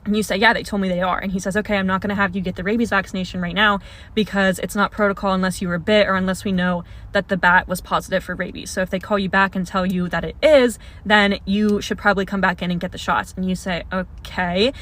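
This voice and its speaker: A woman's voice: medium pitch, steady tone, quick pace, a bit bright. A young woman telling a story about herself casually, in the second person, and often laughing.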